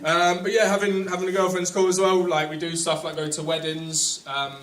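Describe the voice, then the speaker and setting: English stand-up comic, distant in an echoey club. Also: male voice, high-pitched, little pitch movement. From England. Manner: halting, filler-heavy delivery with dry asides. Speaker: stand-up comedian. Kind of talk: stand-up set. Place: small comedy club with live audience. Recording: echoey room, far mic, loud crowd noise. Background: audience laughter.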